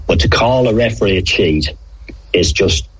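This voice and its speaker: Husky, low-pitched man, middle-aged, lively storyteller, on radio. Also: normal speed, rough recording. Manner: animated anecdotes, acts out quoted players. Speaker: former referee, interview guest. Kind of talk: conversational interview storytelling.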